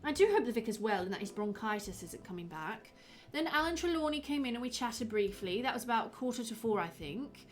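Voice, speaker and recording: A woman's voice: on the high side, lively intonation, a little fast, natural voice. A woman voicing a chatty, fussy male village pharmacist in a fairly plain voice. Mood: gossipy.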